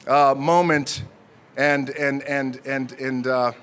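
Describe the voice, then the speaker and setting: A man in his forties giving an unscripted acceptance speech at an outdoor ceremony, joking and halting with many fillers. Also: medium pitch, level tone, fairly bright tone, clean tone. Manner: jokey, halting, speaks from the heart with many fillers. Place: outdoor ceremony before a crowd.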